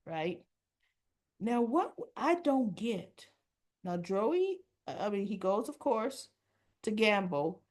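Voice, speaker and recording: Woman, soap recap host, casual rambling talk, mid-range pitch, self-corrections and asides. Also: a little mellow.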